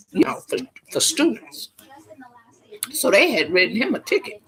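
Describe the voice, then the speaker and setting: A woman's voice: on the low side, rough recording. A middle-aged woman telling a story in casual chat on her live stream, exclaiming as she goes. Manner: animated, exclaiming, drawn-out Southern phrasing.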